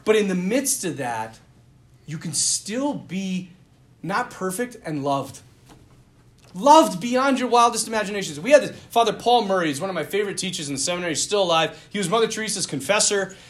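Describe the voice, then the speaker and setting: High, lively priest preaching. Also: male voice, fairly quick. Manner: animated, self-deprecating, laughs often. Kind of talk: sermon.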